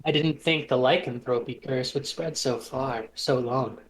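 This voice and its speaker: A scheming trickster god, played by a man running a tabletop game, who taunts with smug calm. His voice sits at a middle pitch. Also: unhurried, close to an everyday voice, rough recording. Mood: intrigued.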